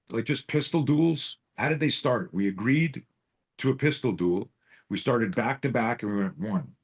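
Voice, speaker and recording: On a live group video call, a man coaches self-defense through profane, animated stories packed with swearing and rhetorical questions. His voice is mid-range and slightly rough.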